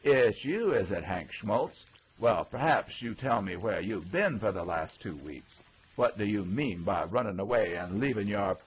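Man putting on a vinegary woman, crisp, scolding, storybook voice. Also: lowish voice, animated, unhurried, heavily acted, low-quality recording. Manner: sharp and scolding. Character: crisp, vinegary angry circus actress wife.

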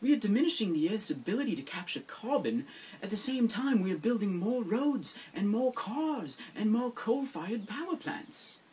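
A man's voice: high voice, sing-song, moderate pace, breathy edge, distant mic, voice pushed up, full character voice. A man playing a preachy green roommate. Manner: urgent, preachy. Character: earnest young male environmentalist roommate. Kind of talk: mock reality-show confessional.

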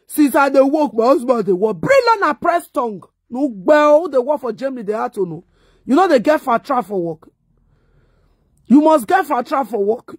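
A woman's voice: on the high side, darkish tone, no room sound, clean studio sound. A middle-aged Nigerian woman vlogger delivering a mocking, insulting rant. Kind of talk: ranting monologue.

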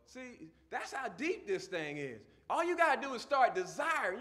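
High, bright-voiced man preaching a sermon. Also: big pitch swings, moderate pace. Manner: builds from quiet teaching to loud fervent preaching. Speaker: pastor.

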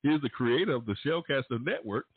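Lively man hosting gospel radio, tinny. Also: quick pace, husky, no room sound. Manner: showy, playful announcer with sudden pitch jumps. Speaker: radio host. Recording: tinny, phone-like, dry sound.

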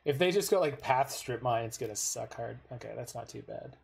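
This male gaming streamer speaks at a medium pitch, fairly quickly and with animation, his voice creaky, slightly mellow and a touch rough. Talking to himself through his own card game, he swears and vents his frustration whenever things go badly.

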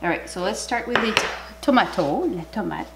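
A middle-aged woman with a Canadian accent, chatting excitedly through a cooking video at home and sometimes dropping to a whisper. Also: medium pitch, brisk, gravelly. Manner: chatty and excitable, drops to a whisper over food. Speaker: cooking channel host. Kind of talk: casual cooking vlog chat. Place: home kitchen. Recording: noisy home recording.

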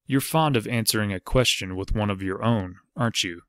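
A man reading as a guarded outlaw chief, curt, demanding, low voice, dry sound. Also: brisk, smooth, no room sound, natural voice. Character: wary cowled outlaw leader, man, blunt and guarded.

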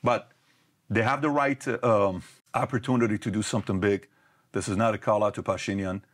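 Low-voiced man, emphatic and direct. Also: steady tone, brisk. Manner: emphatic, rhetorical questions. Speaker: guest. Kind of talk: conversational interview.

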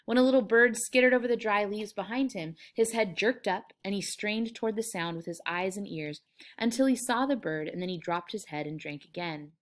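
A woman's voice: mid-range voice, brisk. A woman English teacher reading a novel aloud and explaining it to her students, with frequent fillers.

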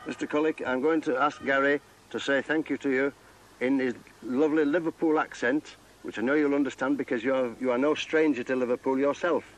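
A man's voice: mid-range voice, steady tone, fairly quick, low-quality recording. A man hosting a TV travel segment outdoors, talking in an exuberant, coaxing showman's way. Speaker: TV host. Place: outdoors on a hot day.

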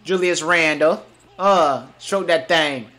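A young man streaming his reaction to basketball highlights, hyped and slangy, repeating short catchphrases. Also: takes it slowly, pushed and bright. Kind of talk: excited live reaction commentary.

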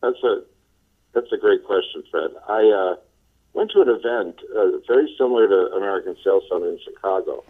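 A man from the Los Angeles area, a sales trainer being interviewed, telling his story in a relaxed way with many fillers. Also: low voice, brisk, husky. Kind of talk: casual phone interview. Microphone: telephone. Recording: tinny phone line.

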